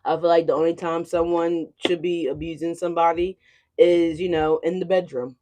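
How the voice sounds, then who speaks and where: A tarot reader talks to a livestream audience in a blunt, profane rant. The voice sits at a middle pitch, and the loudness swings as the story heats up and cools down. The reader keeps asking listeners whether they follow. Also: little pitch movement, normal speed, slight background noise. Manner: blunt and profane, with frequent "you know what I'm saying". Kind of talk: casual livestream chat.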